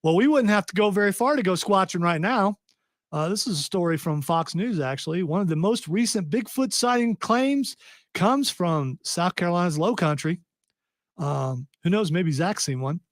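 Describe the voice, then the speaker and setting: A man's voice: sits high, expressive, normal speed, dry recording, clean studio sound. A man hosting a casual podcast, reading a news story aloud with wry, joking asides. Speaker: podcast host.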